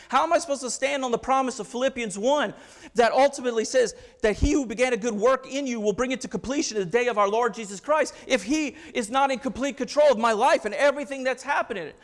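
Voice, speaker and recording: A pastor preaching a sermon with passion, building through rhetorical questions and quoted scripture. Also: male voice, very high-pitched.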